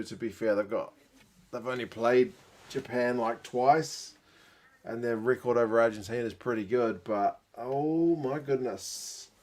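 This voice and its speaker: A man's voice: mid-range voice, a little mellow. A man giving live reaction commentary, thinking aloud with gasps and exclamations, tired late at night. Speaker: rugby channel host.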